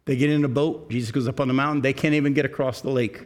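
A man's voice: medium pitch, fairly even intonation, rapid-fire, a little mellow. A male pastor preaching a sermon in a conversational way, asking his listeners questions.

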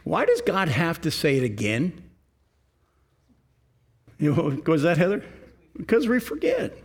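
Older guy pastor giving a sermon, kinda high voice, earnest, chatty w the congregation. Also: wildly swooping pitch. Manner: earnest, conversational preaching with slow emphatic scripture reading.

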